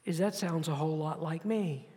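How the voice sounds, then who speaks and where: A man preaching a sermon as pastor, building to emphatic, louder phrases and then dropping soft and low to close each point. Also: moderate pace. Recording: long hall reverb.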